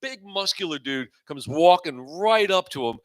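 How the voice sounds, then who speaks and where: A man's voice: fairly high pitch, lively intonation, normal speed. A man in his forties hosting a comedy open mic, rambling loosely between dry, self-mocking punchlines. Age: 40s. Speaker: host and stand-up comedian. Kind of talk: stand-up comedy set.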